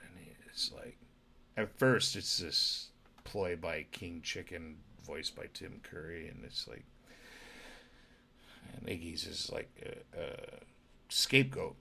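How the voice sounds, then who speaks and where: A drunk man rambling in a casual monologue, swinging from loud outbursts to mumbled whispers. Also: low-pitched, slow pace, gravelly, slight background noise. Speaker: amateur actor talking about comedy.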